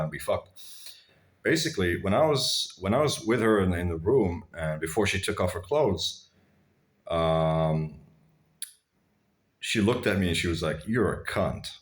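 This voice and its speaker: A man telling blunt, crude personal stories to his viewers in a rambling, casual way, calling them guys. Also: sits low. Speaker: vlogger. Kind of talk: casual storytelling to camera.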